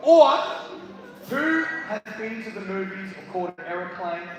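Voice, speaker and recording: Before a student audience, a motivational speaker in his thirties tells funny stories, performing voices and shouting, in a high-pitched, unhurried voice. The recording is distant and echoey, capturing crowd sounds, background noise and hall ambience.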